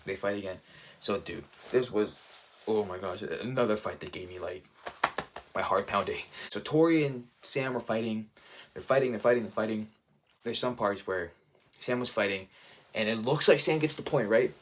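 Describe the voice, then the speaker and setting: A man giving a casual, excited recap as a reviewer, rambling and leaning on "like", "dude" and "bro". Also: fairly low pitch, moderate pace, a little hiss or hum. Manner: enthusiastic, rambling, heavy use of "like", "dude" and "bro".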